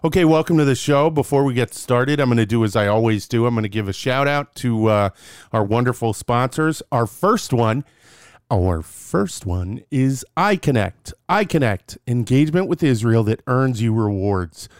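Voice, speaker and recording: A young man co-hosts a casual podcast, playful and rambling, restarting his sentences as he goes. His voice is smooth and clear, recorded close and dry with no room sound. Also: medium pitch, normal speed, darkish tone, no room sound. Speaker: podcast co-host.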